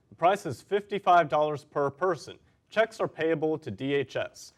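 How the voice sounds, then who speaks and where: A teenage boy reading school announcements in a steady, clear manner as a student announcer. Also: medium pitch. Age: teens. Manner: steady, clear read with stressed headlines.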